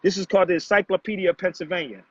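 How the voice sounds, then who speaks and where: Racing along in a high, breathy-edged voice with fairly even intonation, a livestream host preaches at his viewers and confronts one commenter, calling the chat family. His casual stream's audio is dull, muffled, and lo-fi.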